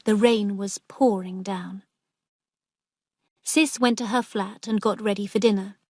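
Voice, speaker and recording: A woman narrating a graded story for English learners in a slow, careful way. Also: mid-range voice, dry recording, clean studio sound.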